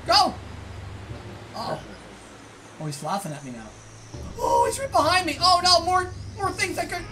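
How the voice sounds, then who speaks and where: A woman giving excited, chatty commentary while playing a video game, often exclaiming and laughing. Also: very high-pitched, normal speed, pauses often, a little hiss or hum. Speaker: gaming let's-player.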